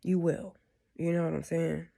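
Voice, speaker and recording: Woman with a gravelly voice. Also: deep voice, level tone, moderate pace, warm tone. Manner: rambling, conversational, keeps asking "you know what I'm saying". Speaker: spiritual speaker. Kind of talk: casual spiritual monologue.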